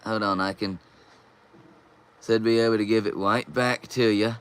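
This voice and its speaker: Casting: young man, live stream host, bright and forward tone, reads chat comments aloud and replies. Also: fairly low pitch, fairly even intonation, moderate pace, clear, resonant tone. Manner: reads viewer comments aloud and answers them.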